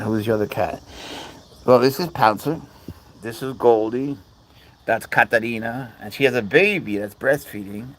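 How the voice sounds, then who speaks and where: A cat owner livestreams outdoors at night among bugs, crickets chirping behind him. His lowish voice carries easy chat and viewer comments read aloud. The poor audio has a little hiss or hum.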